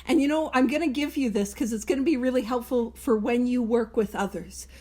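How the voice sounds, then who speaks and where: A woman's voice: fairly high pitch, brisk, mellow. A woman leading an online recovery book study, reading passages and explaining them in a chatty, self-mocking way with tangents. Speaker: Big Book study leader.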